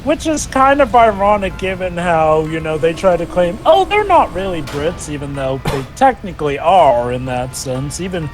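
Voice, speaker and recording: Lively man making wry remarks. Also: on the high side, normal speed, few pauses, faint music behind. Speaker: podcast co-host. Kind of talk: casual gaming chat.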